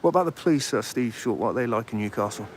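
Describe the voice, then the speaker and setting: A man's voice: medium pitch, expressive, racing. A man hosting a casual livestream outdoors, rambling and chatting as he reads out viewer comments. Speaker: livestream host. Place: outdoors by a street. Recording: faint street noise behind.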